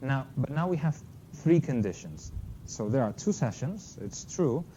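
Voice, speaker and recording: A man's voice: medium pitch, very animated, a little slow, mellow. A man giving a linguistics lecture with slides, explaining carefully and correcting himself with brief apologetic asides. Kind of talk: academic talk with slides. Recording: slightly dull lo-fi lecture recording with faint noise.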